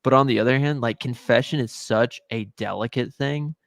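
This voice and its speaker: A man's voice: medium pitch, moderate pace, gravelly, no room sound. A man co-hosting a podcast in casual chat, explaining things and joking. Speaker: podcast co-host.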